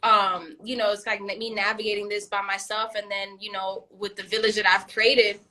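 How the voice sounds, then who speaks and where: A woman co-hosting a casual chat, animated and frank, swearing freely and laughing often. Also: mid-range voice, normal speed. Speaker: podcast co-host.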